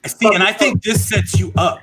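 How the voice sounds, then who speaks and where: A man's voice: high-pitched, steady tone, moderate pace, pushed and bright. A man who once played the game, talking as a podcast guest with playful, joking asides. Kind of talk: casual podcast chat.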